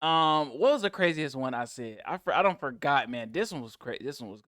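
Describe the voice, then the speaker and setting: Slangy reaction host, lively voice. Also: male voice, fairly high pitch, brisk, dry recording, studio quality. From United States. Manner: slangy, says bro a lot. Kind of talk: casual reaction commentary.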